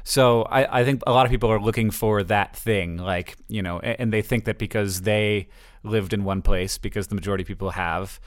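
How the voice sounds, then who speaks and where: A man from Florida co-hosting a casual podcast chat, talking with many false starts and restarts before landing his point. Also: on the low side. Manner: halting, with many restarts, animated. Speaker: podcast co-host.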